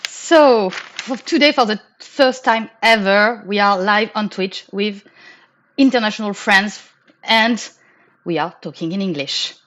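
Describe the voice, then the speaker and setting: A French woman with a French accent hosting a live fan stream in English, apologetic and quick to laugh. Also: mid-range voice, a bit bright, lo-fi sound. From France. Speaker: host.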